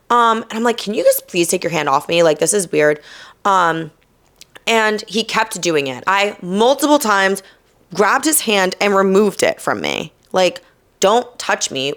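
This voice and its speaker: Sassy young woman telling a story. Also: medium pitch. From New Jersey. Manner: animated, swearing, mock-quoting others with sass. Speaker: podcast host. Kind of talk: casual storytelling.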